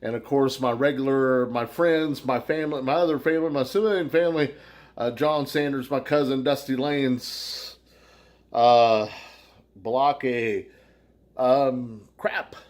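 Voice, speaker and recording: An American man chatting casually to his viewers in a loose, rambling way. He swears freely and fills his pauses with plenty of ums and uhs, and his voice sits at a mid pitch. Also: fairly even intonation, a little mellow. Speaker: beer review vlogger. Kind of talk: casual shout-outs to viewers.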